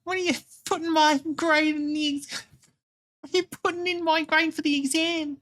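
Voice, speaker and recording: Un hombre imitando a un chico deshollinador descarado con acento cockney, de voz chillona y muy aguda, que grita con un tono nasal y callejero. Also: male voice, very high voice, steady tone, moderate pace, fairly bright tone, voice pushed up. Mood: cheeky. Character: cheeky young male Cockney chimney-sweep pupil.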